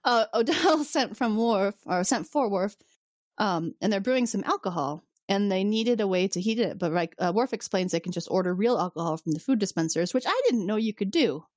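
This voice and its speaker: A woman's voice: medium pitch, animated, brisk, darkish tone, dry recording. Woman, podcast co-host, casual recap, laughs a lot, swears, dry sound. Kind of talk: casual chat.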